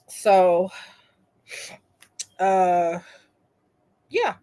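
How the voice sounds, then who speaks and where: A woman chatting on a tarot livestream, her voice worn from being sick. She speaks slowly and haltingly, at a middling pitch, and her sentences often trail off. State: sick, under-the-weather voice. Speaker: tarot reader and livestream host. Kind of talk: casual livestream chat with viewers.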